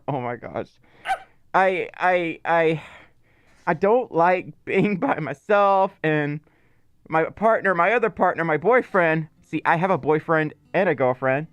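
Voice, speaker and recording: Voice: mid-range voice, animated, measured pace, clear, resonant tone, no room sound. A streamer from Mississippi, rambling in casual livestream chat and still coughing from being ill. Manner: rambling, playful, teasing. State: lingering cough.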